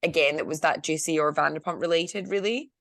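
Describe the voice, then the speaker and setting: Lower-voiced woman gossiping. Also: fairly quick, no room sound, clean studio sound. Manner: enthusiastic, animated gossip, acts out quotes. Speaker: podcast co-host. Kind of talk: casual chat.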